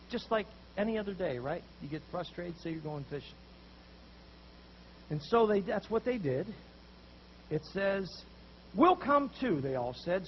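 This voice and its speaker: A man preaching a sermon, telling a story with animated voices for the people in it. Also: high voice, muffled recording, a little hiss or hum. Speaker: pastor.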